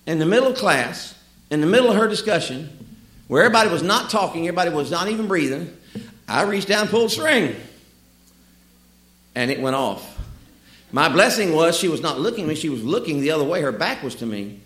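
A man preaching a sermon with folksy, humorous storytelling and lively asides. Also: fairly high pitch, fairly quick, long pauses. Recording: echoey room.

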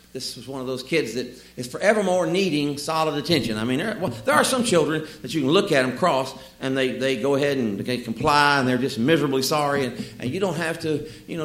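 A man preaching a sermon with folksy, humorous storytelling and lively asides. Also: mid-range voice, quick pace. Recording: echoey room.

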